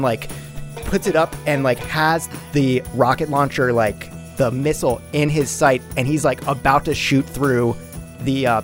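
A man narrating his character's actions in a tabletop role-playing game, rambling and profane. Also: medium pitch.

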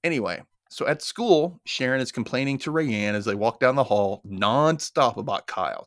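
A man's voice: mid-range voice, normal speed, few pauses, no room sound. A man recapping a TV episode for his podcast, telling it with lots of rise and fall in his voice. He swears casually and keeps it loose. The recording is dry and close, with no room sound. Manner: animated storytelling, swears casually. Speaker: podcast host.

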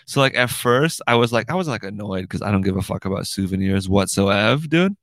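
A man's voice: fairly low pitch, expressive, brisk, a bit bright, dry recording. A young man hosting his own show from home, rambling casually and swearing a lot, tacking "dude" and "right?" onto his sentences. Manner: profane, rambling, ends lines with "dude" and "right?". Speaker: podcast host. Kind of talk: casual monologue. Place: room in his house.

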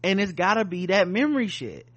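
A man co-hosting a podcast, casually reviewing a TV episode with loose, profane, animated retelling of the scenes. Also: high-pitched, brisk, muffled recording. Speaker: podcast co-host.

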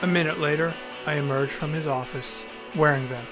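A man's voice: on the high side, fairly even intonation, brisk, over music. A man telling a first-person story with acted dialogue in a dry, wry, articulate way, and hosting his podcast.

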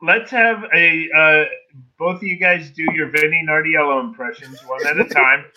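A man's voice: on the high side, normal speed, sharp tone, rough recording. A man co-hosting a casual chat, tossing in jokey remarks. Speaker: co-host.

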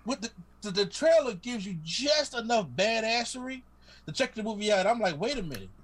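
High-voiced animated man. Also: moderate pace, slight background noise. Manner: animated storytelling, acts out his own reactions. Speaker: podcast co-host. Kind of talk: casual chat.

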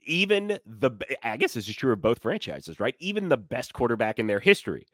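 A man co-hosting a casual sports podcast, chatting conversationally and trailing off softly at the ends of his phrases. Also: medium pitch, big pitch swings, fairly quick, no echo, studio quality. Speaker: podcast co-host.

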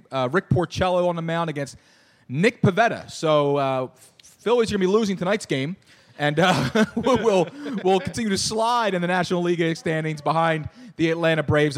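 A man rattles along at high speed in a slightly high voice as he hosts a sports podcast from a bar. He rambles, doubles back on his words and fills the gaps with filler sounds. The talk is loose and casual. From Philadelphia. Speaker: podcast host.

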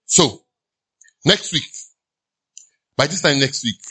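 A man with a Nigerian accent preaching an animated sermon in a church, at times mimicking sighing listeners. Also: a little high, takes it slowly, husky. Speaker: pastor.

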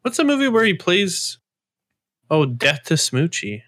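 Bright-voiced young man asking questions. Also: sits high, very animated, no room sound, studio quality. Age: 20s. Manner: quick to jump in with questions. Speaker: podcast co-host. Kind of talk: casual chat.

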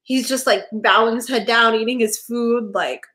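A woman's voice: on the high side, fairly even intonation, moderate pace, bright, forceful tone. A young woman co-hosting a podcast, chatting casually and animatedly about a TV episode, saying "like" a lot and laughing often. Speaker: podcast co-host. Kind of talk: casual chat recapping a TV episode.

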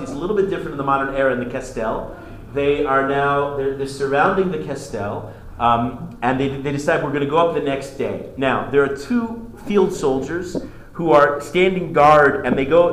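A male history teacher lecturing a class, telling the story in an animated way with many restarts. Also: on the high side. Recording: echoey classroom with faint noise.

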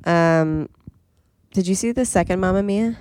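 A woman's voice: on the low side, measured pace, darkish tone, no echo, clean studio sound. A young woman co-hosting a podcast, chatting casually about a reality show with lots of fillers. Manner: chatty, filler-heavy, quotes people in put-on voices. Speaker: podcast co-host.

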